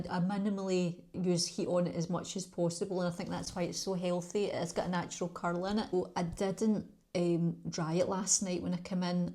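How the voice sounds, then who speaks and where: A woman's voice: fairly low pitch, warm tone. A middle-aged Scottish woman from Glasgow, chatting in a rambling, friendly way and laughing between thoughts as she answers viewer questions in a beauty vlog. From Scotland. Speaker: beauty YouTuber.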